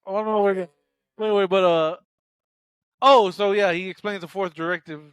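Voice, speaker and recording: A man with a high voice talks over a dry, close microphone in a casual podcast chat. He tells behind-the-scenes stories in a jokey, chatty way and acts out the characters' lines. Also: fairly even intonation, normal speed, clear, resonant tone, dry recording. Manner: jokey, chatty, shares trivia, acts out quotes. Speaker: podcast co-host. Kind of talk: casual film recap chat.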